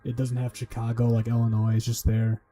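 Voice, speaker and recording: A man's voice: medium pitch, monotone, a little fast, mellow, soft background music. A man streaming while he studies, talking to himself casually, swearing and making up silly memory tricks. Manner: muttering to himself, swearing, joking mnemonics. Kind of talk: casual livestream study talk.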